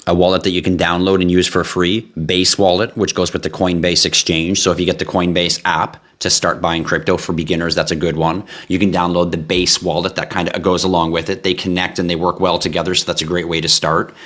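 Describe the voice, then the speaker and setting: A man's voice: low-pitched, flat delivery, brisk, few pauses, fairly bright tone. A man hosting a live stream, chatting casually and with animation straight to his viewers. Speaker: livestream host.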